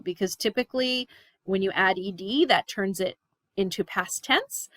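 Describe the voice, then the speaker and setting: A woman's voice: medium pitch, moderate pace, no room sound. A woman giving a recorded class lecture, explaining terms with frequent "um" and "right?" check-ins.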